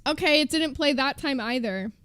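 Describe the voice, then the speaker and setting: High-voiced chatty woman streamer. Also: moderate pace, fairly bright tone, no room sound. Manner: chatty, joking, reads terms aloud to chat. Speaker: livestreamer. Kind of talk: casual stream chat.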